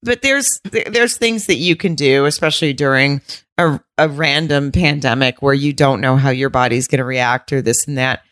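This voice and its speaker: Her voice is very deep yet fairly bright, at normal speed, recorded dry with clean studio sound. This podcast co-host from the Southern United States chats casually, rambling, blunt and swearing freely.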